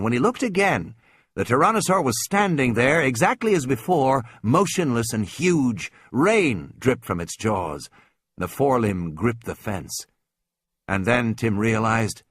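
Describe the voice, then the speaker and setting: A man's voice: medium pitch, a bit bright, breathy edge, no echo, studio quality. A man narrating a suspenseful story as an audiobook reader, with tense, dramatic delivery.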